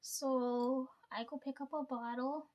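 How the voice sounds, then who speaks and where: A woman's voice: high voice, steady tone, slow pace, a little mellow, highs cut off. A young woman with a sore throat, telling a story in a casual vlog at home, swearing freely and laughing often. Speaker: vlogger. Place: at home, sitting before camera.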